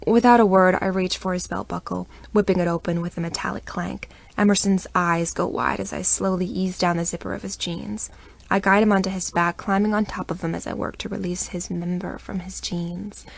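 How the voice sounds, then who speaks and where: A woman narrating a first-person romance audiobook in an intimate, expressive reading voice. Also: fairly low pitch, fairly quick, creaky.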